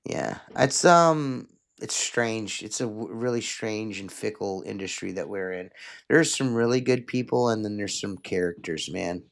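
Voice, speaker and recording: A man's voice: fairly low pitch, unhurried, vocal fry. A man in casual chat who rambles and keeps checking in with the listener. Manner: rambling, keeps saying "you know what I mean".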